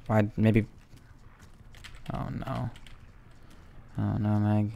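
A young man giving chatty, casual commentary while playing a video game, talking to himself and sometimes breaking into excited yells. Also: fairly low pitch, normal speed, vocal fry, pauses often. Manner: chatty, self-talking, bursts into excited yelling. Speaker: gaming YouTuber.

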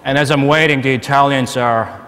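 A man giving a personal testimony at a conference, telling his story in a lively way and laughing often. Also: medium pitch, fairly quick. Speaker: conference speaker. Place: large conference hall. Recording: long hall reverb, faint noise.

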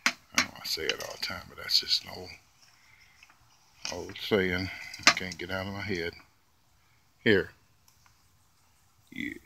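Out in a yard, a man with a low, gravelly, bright and forceful voice chats casually with squirrels he's feeding for his vlog, coaxing them with sweet, drawling, folksy words. Faint outdoor noise sits in the background.

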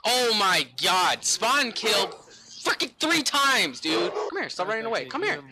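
A man giving gameplay commentary as a gaming YouTuber, cursing and yelling in frustration. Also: extremely high pitch, huge pitch swings, moderate pace, noisy background.

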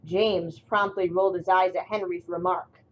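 A woman narrating a children's train story in a deliberate reading voice. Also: on the low side, steady tone, rough recording.

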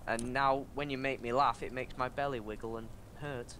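A man's voice: medium pitch, steady tone, normal speed, pushed and bright, a little hiss or hum. A man co-hosting a let's play, chatting casually and teasing his friend with jokes. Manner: teasing, joking banter. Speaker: co-host. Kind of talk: casual chat over gameplay.

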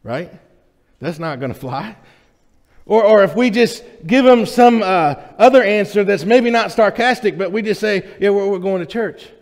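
A man's voice: sits high, lively intonation, measured pace, a little mellow. A man preaching a sermon to his congregation in a conversational, joking way, often checking in with the room. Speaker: pastor. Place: church sanctuary. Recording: reverberant church hall.

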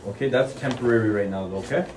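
A man's voice: mid-range voice, fast, echoey room. A man working at a bank, patiently walking a customer through online banking setup, asking "okay?" often. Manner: patient, checks understanding with "okay?". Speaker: bank employee. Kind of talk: explaining account setup. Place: bank branch.

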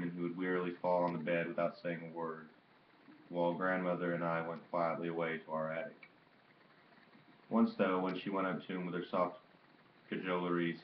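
A man reading a novel aloud in a steady, measured narration, in a dull, roomy recording. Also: low voice, slight background noise. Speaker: audiobook reader. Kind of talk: literary audiobook narration.

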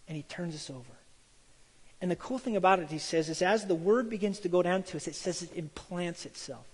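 A man's voice: sits high, quick pace, slightly rough, big-room sound. A man preaching a sermon, telling stories and acting out the voices of the people in them. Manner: animated storytelling, acts out quoted voices. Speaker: pastor.

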